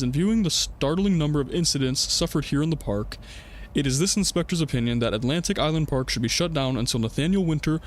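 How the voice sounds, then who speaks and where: A man's voice: fairly high pitch, slight background noise. Joking young male game streamer. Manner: reads in-game notes aloud, jokey, laughs. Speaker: gaming streamer. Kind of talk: casual let's-play commentary.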